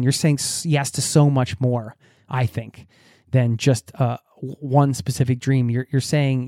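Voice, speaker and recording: A man hosts a podcast, reading listener mail aloud and answering it in an earnest, chatty, warm-hearted way. His voice is medium-pitched, recorded dry with studio quality, and he often restarts and repeats his words.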